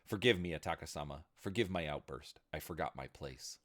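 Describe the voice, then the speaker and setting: A man voicing a proud, loyal young woman samurai who commands with a booming voice. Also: a little fast, a bit bright. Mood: contrite. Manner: commanding, booming when angry.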